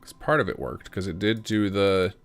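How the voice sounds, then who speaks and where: A man narrating his modding session live, thinking aloud in quick, casual bursts and tossing off jokes. His voice sits fairly low and carries a gravelly, fry-heavy texture. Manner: rapid, casual thinking aloud with joking asides. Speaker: game modder streaming his work. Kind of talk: live commentary while modding.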